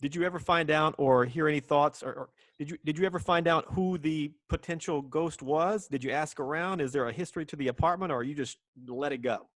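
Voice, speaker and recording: A man's voice: on the high side, a little fast, hardly any pauses, dry recording. A man hosting a radio interview from his home, enthusiastic and plugging his guest between rambling questions. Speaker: radio host. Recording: dry remote interview from home.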